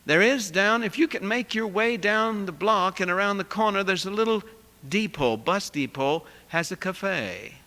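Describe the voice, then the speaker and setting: A male preacher tells a sermon story with a high, bright voice. He swings from loud bursts to near hushes, and the words ring with long reverb in a large hall. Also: expressive, moderate pace. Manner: vivid storyteller with wide swings in loudness, dropping to a hush.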